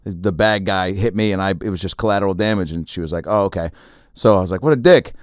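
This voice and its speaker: Brief: male podcast host, quick animated storyteller who acts out voices, dry studio mic. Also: deep voice, smooth, no room sound. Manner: animated, acts out other people in his stories. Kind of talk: casual storytelling chat.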